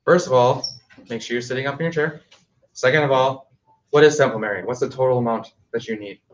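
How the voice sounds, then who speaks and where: A male math teacher speaking loudly through a mask, firm and drilling his class. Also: medium pitch, quick pace, recorded from a distance, highs cut off, a little hiss or hum. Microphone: masked, mic at a distance. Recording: echoey classroom.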